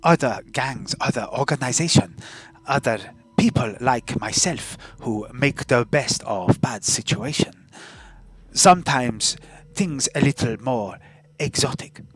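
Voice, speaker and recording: Man doing a scheming arena boss woman, voice-changer filtered, breathy hush, slow drawl, tabletop game character. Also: mid-range voice, animated. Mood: brash.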